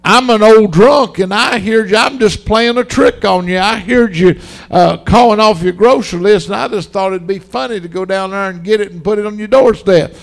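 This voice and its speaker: A man's voice: high-pitched, moderate pace, creaky, voice pushed up. A man voicing an old male drunk bum who plays tricks, talking in a pleading, bewildered way.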